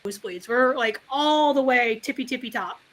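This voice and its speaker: A woman chatting casually on a livestreamed talk show, telling a long story in an animated, frank, rambling way. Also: on the high side, normal speed. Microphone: livestream call mic.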